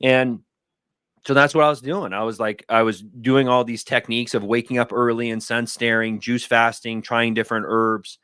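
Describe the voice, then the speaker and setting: Man telling a rambling, lively story. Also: medium pitch, moderate pace, smooth, dry recording, clean studio sound. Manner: animated, rambling storytelling with acted-out quotes. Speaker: guest. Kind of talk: casual talk on a livestream. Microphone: video call.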